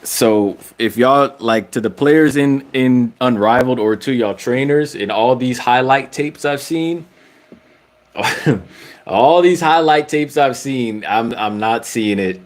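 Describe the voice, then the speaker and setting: A man's voice: mid-range voice, takes it slowly. A man giving his casual opinions on basketball in a vlog, slangy and full of restarts, his voice climbing when he gets worked up. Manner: slangy, frequent restarts, rising when excited. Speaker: basketball commentator vlogger.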